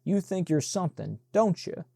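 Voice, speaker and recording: A man's voice: high voice, big pitch swings, normal speed, gravelly, dark tone, no room sound, studio quality, voice pushed up, full character voice. A man voicing a spiteful little boy who taunts in a whiny, sneering way. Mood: taunting.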